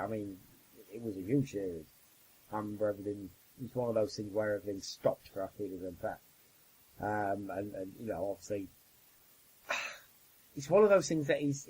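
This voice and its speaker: A man hosting a podcast, talking in a thoughtful, measured way with some fillers. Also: lowish voice, a little mellow, breathy edge, low-quality recording. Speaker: podcast host. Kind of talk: casual podcast chat.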